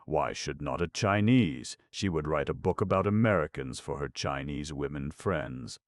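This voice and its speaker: A man narrating a classic story for an audiobook in measured, even storytelling. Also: extremely low pitch, gravelly, no echo, studio quality. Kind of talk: scripted narration.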